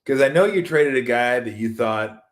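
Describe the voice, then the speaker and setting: A man's voice: medium pitch, lively intonation, moderate pace. A middle-aged man hosts a casual sports talk show on his own. His delivery rambles and jokes, and he slips into little acted-out voices of other people along the way. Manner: rambling, jokey, acts out quoted voices.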